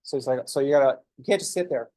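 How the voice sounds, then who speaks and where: A man's voice: medium pitch, quick pace, mellow, dry recording. A man, a math professor, lecturing a class in a joking, conversational way. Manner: joking, conversational, acts out students' thinking noises.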